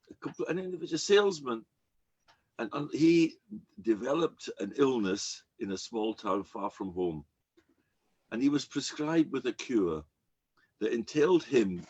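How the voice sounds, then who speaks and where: A rabbi giving a sermon, telling a story and acting out the people in it. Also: male voice, mid-range voice, husky. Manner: animated storyteller acting out quoted characters. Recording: dull lo-fi recording.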